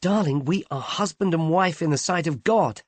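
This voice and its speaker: A man voicing an affectionate young woman who speaks softly and quietly. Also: on the high side, moderate pace, no echo, pitched above the performer's own voice, close to an everyday voice. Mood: tender. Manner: soft and hushed.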